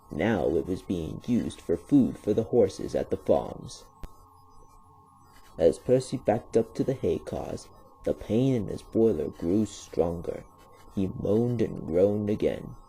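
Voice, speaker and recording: A man narrating a children's story aloud in a steady, plain reading manner. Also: sits low, creaky, husky, low-quality recording.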